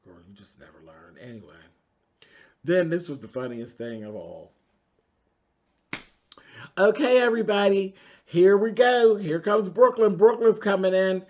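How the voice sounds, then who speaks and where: A man's voice: high-pitched, lively intonation, measured pace, pauses often, darkish tone. Sassy gossiping man, dull lo-fi sound. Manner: sassy and gossipy, drawling "honey" and "child". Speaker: reality TV reviewer. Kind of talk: casual episode recap commentary.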